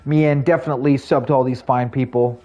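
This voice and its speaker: A young man live streaming and chatting casually with viewers, rambling, laughing at himself and jumping into high voices for quotes. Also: steady tone, quick pace, warm tone, faint music behind. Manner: rambling, self-mocking, laughs often, jumps pitch for quoted voices.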